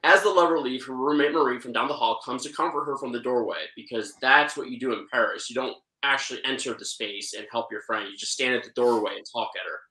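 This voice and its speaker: A man's voice: medium pitch, quick pace, few pauses, sharp tone, echoey room, rough recording. A man co-hosting a film review podcast, recapping the plot in a mock-serious, dryly sarcastic way.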